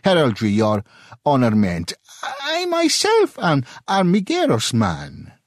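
Man doing a jumpy little Italian merchant, high voice, eager and self-mocking, dry close sound. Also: wildly swooping pitch, takes it slowly, no room sound, heavily acted. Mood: excitable. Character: excitable skinny Italian merchant, middle-aged man.

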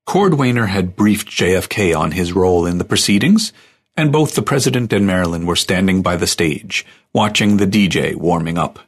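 Deep gravelly male audiobook narrator. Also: lively intonation. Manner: measured storytelling.

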